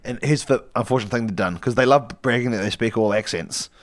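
A man's voice: medium pitch, fast, no echo. A man co-hosting a comedy podcast, narrating an improvised story in a rambling, playful way with frequent laughs.

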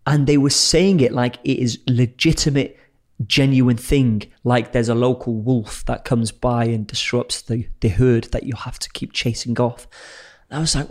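A man's voice: medium pitch, moderate pace. Man telling a wild story. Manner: animated storyteller, swears freely, acts out quotes. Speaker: explorer telling his adventures as a guest. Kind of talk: casual storytelling.

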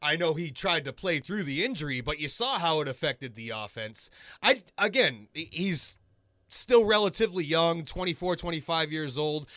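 Bright-voiced radio producer man. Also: a little high, animated, normal speed, no room sound, studio quality. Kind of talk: sports talk radio chat.

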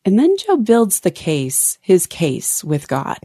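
Expressive woman co-hosting a Bible podcast. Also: lowish voice, takes it slowly, breathy edge, no room sound, studio quality. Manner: expressive, reads scripture aloud, self-interrupting. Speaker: podcast co-host. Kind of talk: casual Bible study chat.

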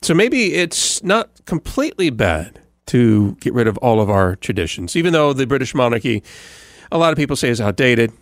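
A man's voice: medium pitch, very animated, normal speed, no echo, studio quality. A man who hosts a morning radio show, giving a casual rambling recap with many fillers and restarts. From United States. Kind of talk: casual podcast recap monologue.

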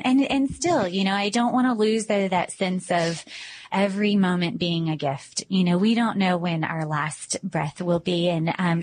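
A woman hosting a faith radio show in a studio, chatting in a rambling way and laughing often. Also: medium pitch. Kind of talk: casual faith radio chat.

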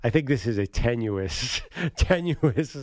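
A man co-hosting a casual sports talk show, wry and dry-humored, at an ordinary middle pitch. His voice is recorded close and dry. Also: expressive, slow, no room sound.

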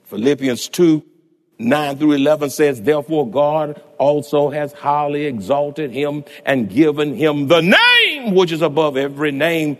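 A middle-aged male pastor preaching a sermon in a rhythmic cadence that builds into shouted climaxes. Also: on the high side, expressive, unhurried, long reverb tail.

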